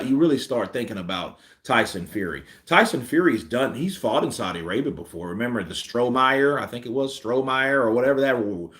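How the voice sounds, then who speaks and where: A man's voice: mid-range voice, fairly bright tone. A man hosting a boxing commentary stream, venting heatedly with emphatic repetition. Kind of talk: ranting live-stream commentary.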